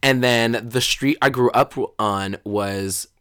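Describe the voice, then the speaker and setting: A man's voice: medium pitch, takes it slowly, a bit bright, clean tone, no room sound. A young man, a drag performer, telling stories in a casual interview with lots of fillers and acted-out quotes. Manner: chatty storytelling, acts out quotes, many fillers.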